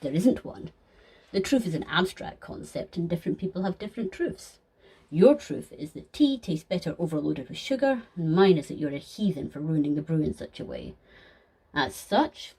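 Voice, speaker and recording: A woman's voice: lowish voice, sing-song, mellow, husky, full character voice. Woman voicing a sly, formal snake-like man. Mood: dry, sly. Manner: formal, measured, dryly sarcastic. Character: sly polished male snake-like deceiver. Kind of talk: fan audio sketch.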